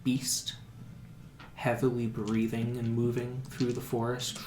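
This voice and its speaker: A man's voice: medium pitch, monotone, slow, darkish tone, a little hiss or hum. A man narrating a tabletop game as dungeon master, descriptive, with fillers. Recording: echoey room with background music.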